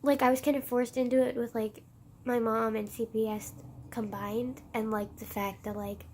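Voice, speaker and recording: A woman's voice: fairly high pitch, flat delivery, normal speed, a little hiss or hum. A woman vlogger talking in an emotional confessional, teary and laughing through tears, rambling with constant fillers.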